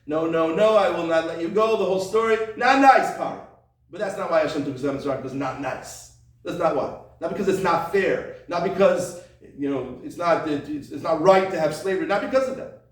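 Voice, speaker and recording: A man's voice: on the high side, animated, fairly quick. A man teaching a Torah class, explaining step by step and repeating his points rhetorical questions. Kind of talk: conversational Torah lecture. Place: classroom or study hall. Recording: echoey room, voice from far off the mic.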